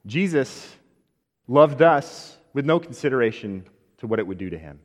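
A male pastor delivers a sermon with emphatic phrasing, often dropping softly at the end of a phrase. His voice sits at a middle pitch. It rings with a long reverb through a church sanctuary. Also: very animated, normal speed. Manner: emphatic, with phrases falling soft at the ends.

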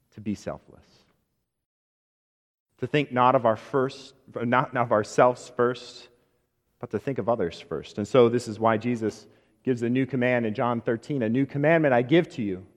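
A male pastor delivers a sermon with emphatic phrasing, often dropping softly at the end of a phrase. His voice sits at a middle pitch. It rings with a long reverb through a church sanctuary. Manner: emphatic, with phrases falling soft at the ends.

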